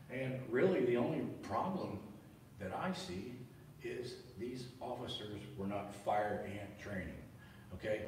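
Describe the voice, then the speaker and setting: A man's voice: mid-range voice, a little slow. A man hosting a vlog, mocking and goading the police in a sarcastic tone. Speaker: video host confronting police. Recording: echoey, from afar with faint noise.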